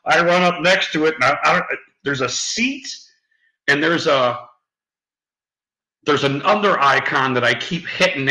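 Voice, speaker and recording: A man's voice: a little high, pushed and bright, echoey room, poor audio. A man chatting casually on a live stream, rambling, laughing often and swearing freely.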